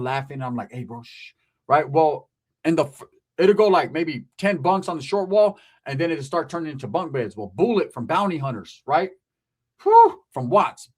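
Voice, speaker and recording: This man's voice runs high with a breathy edge. A guest from California, he tells a story about his past casually and profanely, animatedly acting out quoted voices.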